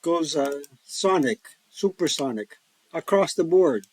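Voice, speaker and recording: Animated and measured in pace, this man has a fairly high, husky, darkish voice on a low-quality recording. He plays a board wargame solo as host, giving casual commentary peppered with jokes and folksy rambling.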